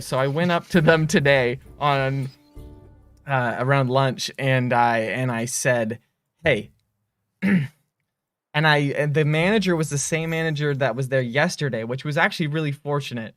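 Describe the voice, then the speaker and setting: A man hosting a game studio's livestream, telling stories in a rambling, animated way on a close mic. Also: mid-range voice, normal speed, dry recording, soft background music. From United States. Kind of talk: casual livestream chat.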